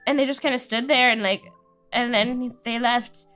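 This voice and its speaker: A woman's voice: a little high, moderate pace, soft background music. A woman streamer chatting casually with viewers, telling a family story and laughing often. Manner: animated, quotes relatives in voices.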